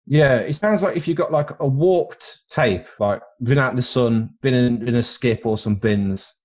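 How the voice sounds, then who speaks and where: This podcast co-host is a man with a British accent, a mid-range voice, and a moderate pace. On a laid-back film show he cracks jokes and rambles, repeating words as he works out his thoughts.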